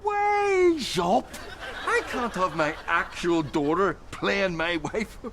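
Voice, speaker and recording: An actor with a Belfast accent playing a vain, bossy middle-aged dad directing a film about himself. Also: male voice, a little high, lively intonation, slow pace, very noisy. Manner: self-absorbed, bossy, shouty.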